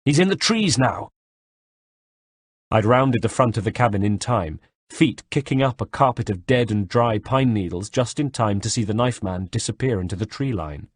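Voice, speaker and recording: Male audiobook narrator, low breathy voice, dry close sound. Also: moderate pace, no room sound. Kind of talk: first-person audiobook narration.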